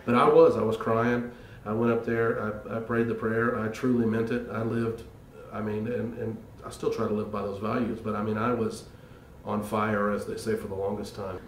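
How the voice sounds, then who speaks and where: A man's voice: lowish voice, level tone, normal speed, recorded from a distance, a little hiss or hum. A man earnestly telling stories about his church upbringing in an interview. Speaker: choir member. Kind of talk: reflective interview talk. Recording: roomy, off-mic with faint ambience.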